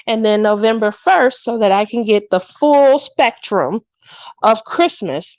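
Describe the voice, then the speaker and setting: A woman's voice: medium pitch, darkish tone, no room sound, muffled recording. A middle-aged woman casually chatting on her craft livestream, greeting viewers by name and laughing often.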